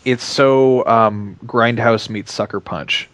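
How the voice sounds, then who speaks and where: A man co-hosting a gaming podcast, opinionated but hesitant, working his thoughts out with many pauses and restarts. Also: mid-range voice, fairly bright tone, no room sound. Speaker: podcast co-host. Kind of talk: casual chat.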